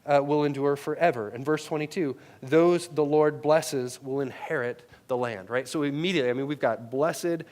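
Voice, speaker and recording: A man in his thirties preaching a sermon into a headset mic, his voice sitting a little high for a man. He talks to the congregation conversationally and keeps checking in with "right?". His delivery swings between loud, emphatic peaks and quiet, low asides. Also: normal speed, hardly any pauses. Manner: conversational preaching, tags many lines with "right?". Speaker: pastor.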